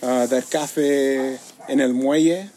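A man in his thirties telling a long, animated story in a casual chat, cursing often. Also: mid-range voice, takes it slowly, a little hiss or hum.

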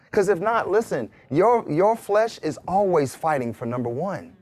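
A pastor preaches a casual sermon, reading scripture and joking with his congregation, with laughs and acted-out asides. His voice is on the high side with a darkish tone.

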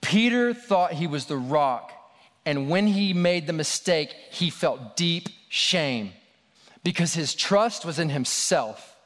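A man delivers a sermon in a relaxed, storytelling manner, tossing in casual asides as he goes. His voice sits a little high for a man. A long reverb hangs in the big hall around him. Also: slow pace. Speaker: preacher.

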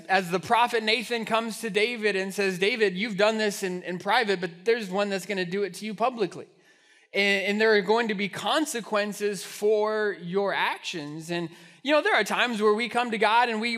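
A man preaching a sermon in a relaxed, conversational way. His voice sits very high and sounds bright and forceful. He often restarts phrases and adds rhetorical asides. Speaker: pastor.

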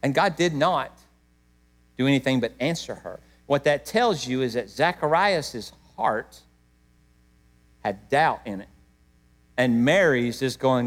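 A middle-aged man preaching a sermon to his church, emotional, swinging between loud emphatic peaks and hushed moments. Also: medium pitch, animated, measured pace, pauses often. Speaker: pastor.

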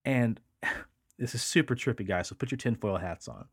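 A man's voice: lowish voice, expressive, normal speed, breathy edge, no echo, studio quality. A man hosting a podcast, telling a story in a casual, rambling way, with lots of fillers and the odd swear word. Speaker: podcast host.

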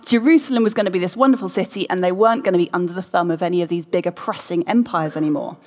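A woman gives a sermon in a relaxed, talking-with-you way, putting questions to the people in front of her. Her voice rings out in a church hall with a long reverb tail. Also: lowish voice, very fast. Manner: conversational, asks the congregation questions. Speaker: preacher.

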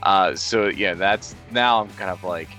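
A man's voice: low voice, measured pace, sharp tone, soft background music. A man co-hosting a podcast, chatting in a laid-back, reflective way. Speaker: podcast co-host. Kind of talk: casual chat.

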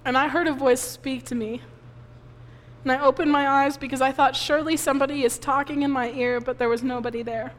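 A woman pastor preaching a sermon, giving an emotional personal testimony while crying softly. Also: high-pitched, steady tone, a little fast. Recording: long reverb of a hall.

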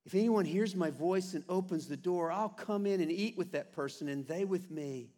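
A pastor preaching a sermon to his church with earnest, animated delivery and playful asides. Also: high-pitched, normal speed. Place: church sanctuary.

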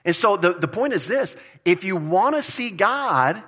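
A pastor preaching a conversational, emphatic sermon, repeating phrases for stress. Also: male voice, high-pitched, big pitch swings, normal speed, hardly any pauses, sharp tone, husky. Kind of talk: expository sermon.

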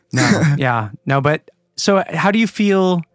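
A man's voice: a little high, animated, slow, dry recording, studio quality. A man in casual podcast chat who teases, swears freely and riffs on topics. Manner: blunt, profane, riffing and teasing.

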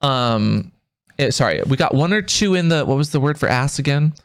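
A man's voice: mid-range voice, animated, normal speed. A man co-hosting a casual podcast, teasing and laughing often as he reads out old slang. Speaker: podcast co-host.

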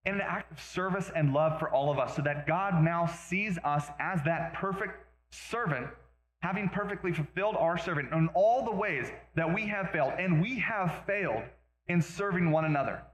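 A male pastor preaching a sermon in a conversational way, with quick asides and self-deprecating jokes. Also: fairly high pitch, fairly bright tone, reverberant, low-quality recording.

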